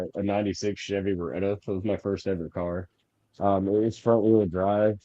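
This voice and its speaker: A man co-hosting a talk show in casual chat, relaxed and chiming in with short reactions. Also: fairly low pitch, no echo. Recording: slightly dull remote call audio.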